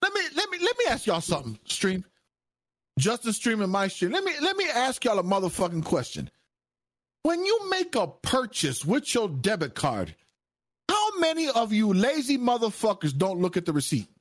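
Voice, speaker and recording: A man's voice: high voice, huge pitch swings, normal speed, dry recording. A man co-hosting a stream, telling stories with emphatic repetition and heavy swearing. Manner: emphatic, repeats himself, swears heavily. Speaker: stream co-host. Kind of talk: animated profane storytelling.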